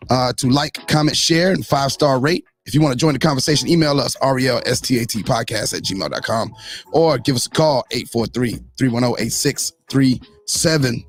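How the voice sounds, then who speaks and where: A relaxed man hosts a casual podcast, ribbing his friends with easy humor. His pitch sits right in the middle, and soft music plays faintly underneath. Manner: joking, teasing, laid-back. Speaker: podcast host. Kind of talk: casual chat.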